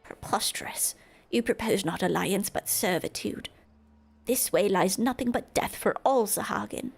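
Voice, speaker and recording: A woman voicing a zealous, scornful male fish-man warrior from a game, in a slow, menacing, raspy half-whisper. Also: medium pitch, soft background music. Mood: defiant. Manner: slow, menacing, drawn-out delivery. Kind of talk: reading game dialogue aloud in character.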